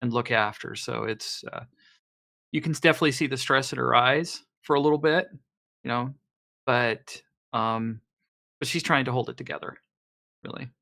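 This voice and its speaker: A man playing a tabletop game, describing what his character thinks and does. His voice is bright and forward, at an average pitch. He talks haltingly, with lots of fillers and restarts. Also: gravelly. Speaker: player.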